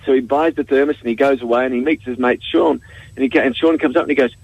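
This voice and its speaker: A man's voice: medium pitch, fairly even intonation, racing, no echo, low-quality recording. A man with a New Zealand accent, a TV host chatting on the radio, who tells stories with animation and laughs often. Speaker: TV game show host, radio guest. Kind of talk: casual radio chat.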